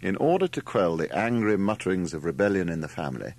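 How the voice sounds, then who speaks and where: A man narrating an audiobook in an expressive, lively storytelling manner. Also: deep voice, fast talker.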